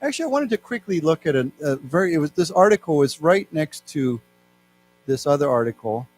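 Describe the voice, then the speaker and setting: American man teaching English, slow and clear. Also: on the high side, sing-song, soft background music. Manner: explains words slowly, asks the class to repeat. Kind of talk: live English lesson reading news. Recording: faint mains hum.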